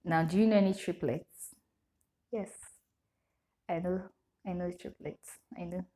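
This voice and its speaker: A woman's voice: lowish voice, fairly even intonation, a little slow, pauses often, mellow. A young woman with a Nigerian English accent, vlogging in a casual question-and-answer chat, reading each question aloud and answering it with frequent laughter.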